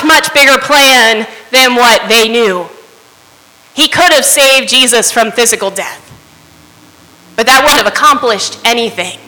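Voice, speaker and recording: Woman giving a sermon, bright voice, big echoey church hall. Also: on the high side. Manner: earnest, asks the listener "right?" often. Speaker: preacher. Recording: long hall reverb.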